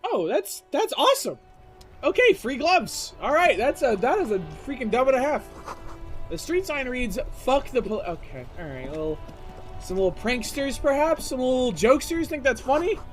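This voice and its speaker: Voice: sits high, big pitch swings, moderate pace, faint music behind. A young adult streamer giving casual, joking commentary while playing, often stammering and rambling.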